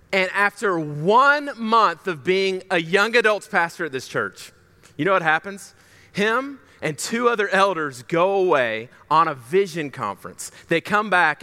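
A young man in his twenties preaching a sermon as a pastor, telling a personal story and animatedly acting out the dialogue. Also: fairly high pitch. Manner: animated, acts out quoted dialogue.

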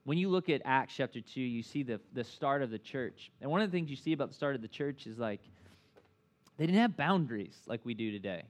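A man's voice: mid-range voice, expressive, a little fast. A pastor in his thirties preaching a casual sermon. He talks with lots of fillers, keeps asking the listeners questions, and jokes at his own expense. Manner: conversational, filler-heavy, asks the crowd often; self-deprecating humor.

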